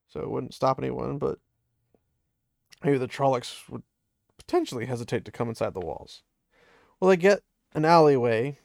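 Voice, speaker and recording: A man's voice: mid-range voice, creaky, a little mellow, no room sound, studio quality. A man casually retelling a story in a loose, chatty way, full of fillers and small laughs.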